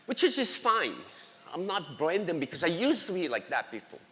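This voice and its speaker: Guest speaker, male, bright and forceful delivery, earnest testimony, long church-hall reverb. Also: high voice, big pitch swings, fairly quick. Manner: earnest, emotional, non-native English grammar. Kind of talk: personal faith testimony. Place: church sanctuary.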